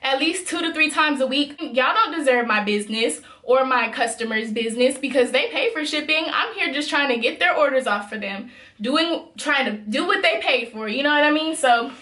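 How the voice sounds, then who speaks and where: A woman's voice: sits high, moderate pace, sharp tone, roomy sound. A young woman from Memphis, telling a worked-up, emphatic storytime straight to her viewers. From Memphis, USA. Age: young adult. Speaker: vlogger. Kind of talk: storytime vlog.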